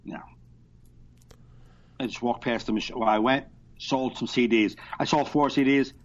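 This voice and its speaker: A man chatting on a podcast over a video call, telling stories in an animated, profane way. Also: medium pitch, moderate pace, a little hiss or hum. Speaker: podcast co-host. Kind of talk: casual podcast chat. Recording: dull lo-fi internet call.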